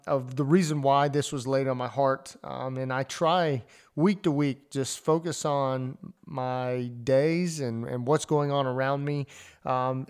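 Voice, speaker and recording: Smooth-voiced man telling a story. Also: a little high. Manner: rambling, filler-heavy storytelling. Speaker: faith podcast host. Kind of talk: casual storytelling podcast.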